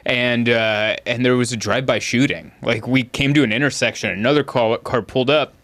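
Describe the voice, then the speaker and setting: A man hosting a casual comedy podcast, telling stories and jumping into high acted quotes. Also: fairly quick. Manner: animated storyteller, jumps high into acted quotes. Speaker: podcast host.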